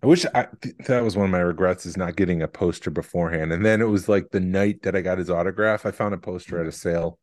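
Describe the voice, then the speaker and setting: A man's voice: sits low, fast talker, hardly any pauses, no echo. A man co-hosting a collectibles podcast in casual chat, rambling and wry. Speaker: podcast co-host.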